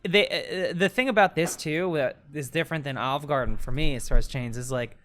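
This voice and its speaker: A woman's voice: sits low, a little fast. A woman co-hosting a comedy podcast, telling rambling stories in casual chat, swearing freely and acting out the people she quotes. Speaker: podcast co-host.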